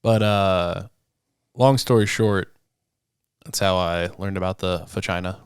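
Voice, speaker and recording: A man's voice: deep voice, steady tone, measured pace, clean tone, no echo, studio quality. A young man co-hosting a podcast, telling stories in casual chat and laughing often. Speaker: podcast co-host.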